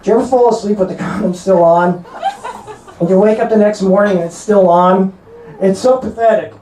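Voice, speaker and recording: A man's voice: sits high, mellow, a little hiss or hum. A man in his thirties with a North Jersey accent doing a crude, brash stand-up set. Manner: brash, crude punchlines with quick asides. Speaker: stand-up comedian. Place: comedy club stage. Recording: roomy club with laughing crowd. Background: audience laughter.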